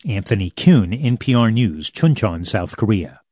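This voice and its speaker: A man's voice: on the low side, animated, measured pace, mellow, dry recording, clean studio sound. A man delivering a radio news report as a foreign correspondent.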